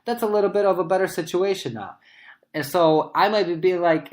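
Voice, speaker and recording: A man co-hosting a sports podcast, thinking aloud in casual debate as he pitches hypothetical trades. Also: brisk, darkish tone. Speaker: podcast co-host.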